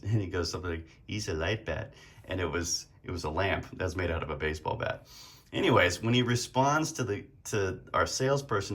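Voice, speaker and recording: A man's voice: deep voice, fairly bright tone. A man vlogging casually about card collecting, telling a chatty, rambling story with fillers and laughs.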